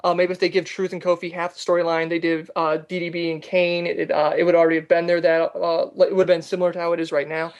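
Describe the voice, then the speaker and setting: A man's voice: a little high, quick pace, few pauses, clean tone, dull audio. A man hosting a casual wrestling podcast, reading out listener comments with lots of "uh" fillers. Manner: animated, lots of fillers, reads comments aloud.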